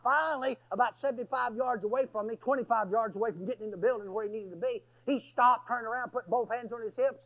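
A man telling a story in a sermon, folksy and animated, often bursting into shouts. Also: extremely high pitch, fast talker, hardly any pauses. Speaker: preacher. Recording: dull lo-fi sermon recording.

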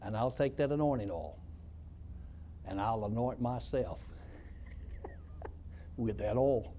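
Animated folksy older-sounding man preaching. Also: mid-range voice, takes it slowly, slight background noise. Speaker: former prison pastor, guest. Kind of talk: storytelling testimony.

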